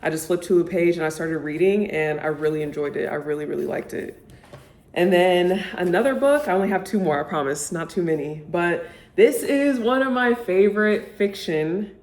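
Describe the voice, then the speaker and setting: A woman's voice: on the low side, a little mellow. A young woman vlogger chatting casually about books she loves, gushing and peppering her talk with "like". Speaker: book vlogger. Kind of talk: casual chat to camera. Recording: echoey room.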